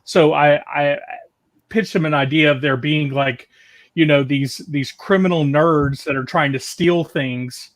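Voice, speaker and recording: A man spins a long tale in a loose, chatty way, stacking "like" and restarting his sentences. His voice sits a little high for a man. He is heard over a video call. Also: fairly even intonation, measured pace. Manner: rambling, full of "like" and restarts. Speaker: guest caller. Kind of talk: casual storytelling.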